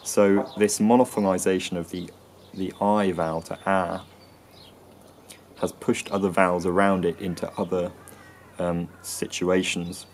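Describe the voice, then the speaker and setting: An English man with an English accent explaining accents and sounds in a lesson, often pausing with ums and restarting phrases. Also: low-pitched, flat delivery, a little hiss or hum. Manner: hesitant, frequent ums and restarts. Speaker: accent and linguistics presenter.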